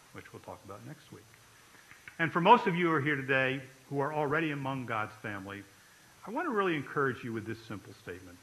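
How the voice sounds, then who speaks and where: Man, pastor, sermon, emphatic, keeps asking the congregation "okay?", animated pitch. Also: low-quality recording. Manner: emphatic preaching, checks in with listeners by asking "okay?".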